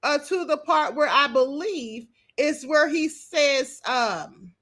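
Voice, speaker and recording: A woman hosts an online commentary show in a high voice with a bright, sharp edge. She talks in a sassy, chatty way and calls her listeners honey as she breaks down a video clip. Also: expressive, slow. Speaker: host.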